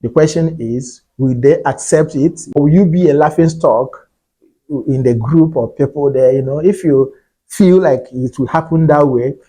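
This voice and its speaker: A man's voice: a little high, unhurried, mellow, husky, poor audio. A man from Nigeria, talking casually to his viewers as a vlogger and often repeating himself. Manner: chatty, repeats himself, drops in "you get". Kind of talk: casual talk to camera.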